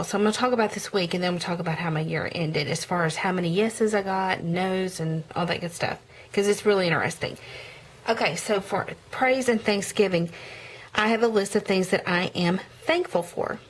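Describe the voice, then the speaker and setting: A woman's voice: medium pitch, a little hiss or hum, low-quality recording. A woman talking casually in a vlog, walking through her prayer journal, chatty with frequent ums and self-corrections. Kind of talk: casual show-and-tell vlog.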